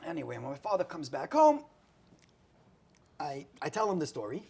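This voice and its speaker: A man's voice: a little high, moderate pace, creaky, slight background noise. A man telling a long personal story in a casual chat, eating spicy food as he talks. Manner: animated anecdotal storytelling with acted quotes. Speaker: guest storyteller.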